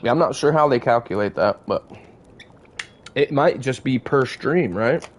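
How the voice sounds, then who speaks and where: A man at a medium pitch talks to his live stream chat, loose and casual. He tells a story the way he would to friends, swearing freely and drifting from thought to thought. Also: unhurried, a little hiss or hum. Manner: relaxed, profane, conversational. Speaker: game streamer.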